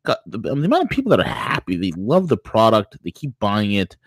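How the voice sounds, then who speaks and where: A man's voice: on the low side, huge pitch swings, quick pace, no echo. A man hosting a casual morning talk show, playful and hypey, rambling with restarts. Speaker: show host.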